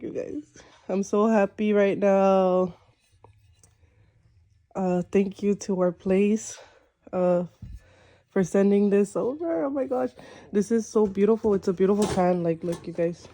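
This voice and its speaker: A young woman films herself opening a package, words tumbling out in breathless delight. Her voice is very warm and mellow, with no edge to it. She keeps circling back to exclamations and filler words as she goes. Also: medium pitch, steady tone, measured pace. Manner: gushing, breathless, lots of "like" and "oh my gosh". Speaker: vlogger. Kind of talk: excited unboxing vlog.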